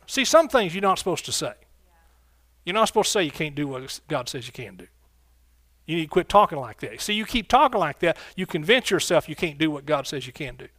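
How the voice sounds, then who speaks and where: A man's voice: a little high, big pitch swings, fairly quick, fairly bright tone, no echo. A man preaching a sermon as pastor, fervent and exclaiming, calling out to his congregation. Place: church sanctuary.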